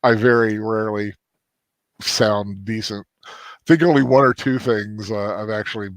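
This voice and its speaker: A man hosting a casual fan stream, talking in a halting way with many restarts. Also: on the low side, fairly even intonation, dry recording, clean studio sound. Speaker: host of a fan stream show. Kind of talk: casual chat.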